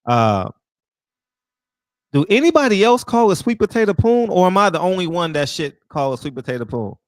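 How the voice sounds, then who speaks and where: A man hosting a casual livestream, from the American South, trading loud, profane, laughing banter with his viewers. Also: sits high, big pitch swings, moderate pace, no room sound. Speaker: livestream host chatting with viewers.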